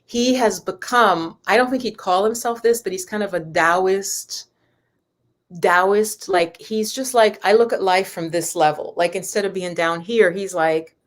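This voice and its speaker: A woman's voice: medium pitch, unhurried. A woman spiritual teacher chatting casually with viewers on a live stream, rambling and talking straight to her audience. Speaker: spiritual teacher and yoga host.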